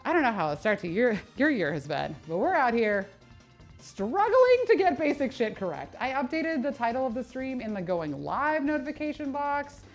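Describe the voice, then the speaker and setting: Her voice sits high at a normal speed, with faint background music. The personal trainer works out on a live stream, chatting casually, swearing, and often laughing at herself in an animated, self-mocking way.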